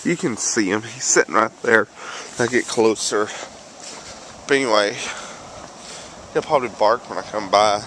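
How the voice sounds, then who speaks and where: A man's voice: on the low side, moderate pace, pauses often, a bit bright. A man, rambling and correcting himself as he vlogs outdoors on a handheld camera. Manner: rambling, self-correcting, chatty. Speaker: vlogger. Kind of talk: rambling casual vlog while walking outdoors. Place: outdoors on a road near home, windy. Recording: faint wind and passing cars.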